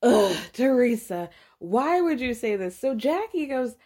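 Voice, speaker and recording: A young adult woman hosting a podcast, recapping a reality show in casual, animated chat, swearing freely and mimicking the people she talks about. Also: fairly high pitch. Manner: animated, swears freely, mimics cast members in quick asides.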